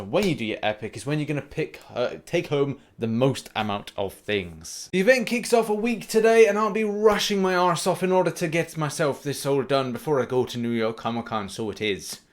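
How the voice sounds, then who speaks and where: Chatty male gaming news host. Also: mid-range voice. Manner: chatty and animated, with frequent fillers and restarts. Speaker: mobile game news host. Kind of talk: casual gaming news commentary.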